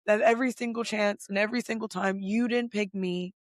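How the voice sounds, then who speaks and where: A woman hosting a podcast, recapping reality TV in casual, emphatic talk full of swearing and "like" fillers, and getting louder when she is indignant. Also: medium pitch, steady tone, a little fast, no room sound, studio quality. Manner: fired up, rising loud when indignant. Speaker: podcast host.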